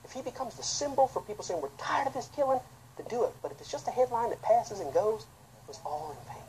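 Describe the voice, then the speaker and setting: A man, a pastor, preaching an impassioned sermon that swings between loud outbursts and quiet, low asides. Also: big pitch swings, quick pace, a little hiss or hum, low-quality recording. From United States.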